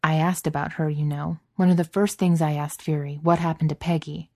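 An earnest, reserved soldier man who keeps his feelings tightly reined in, as a woman reads him. The voice stays low and dark, and the sound is dry. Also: level tone, fairly quick, dry recording. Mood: cold. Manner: controlled and earnest.

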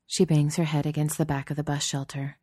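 A woman narrating a story in a steady, measured, softly expressive way. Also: sits low, dry recording, clean studio sound. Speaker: audiobook narrator.

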